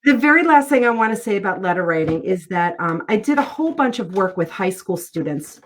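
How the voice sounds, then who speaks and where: A woman's voice: mid-range voice, expressive, brisk, slight background noise. Earnest middle-aged woman telling stories. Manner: earnest, heartfelt storytelling. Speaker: interview guest, author. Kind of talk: casual conversational interview.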